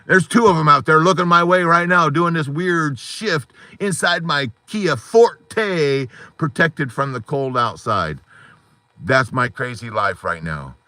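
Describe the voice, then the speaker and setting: A man hosting an unscripted live stream from inside his parked car at night, rambling and animated, slipping into quoted voices. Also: a little high, unhurried, no room sound. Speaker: live-stream host of a divorced dads channel.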